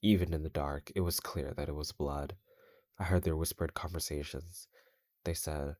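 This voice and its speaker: A man reads scary stories aloud in a steady, measured voice while gaming, slowing down on the tense parts. His voice sits extremely low, and the sound is close and dry with no room around it. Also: dry recording. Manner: measured, steady reading with slow stretches. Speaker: channel host reading stories. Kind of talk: horror story reading while gaming.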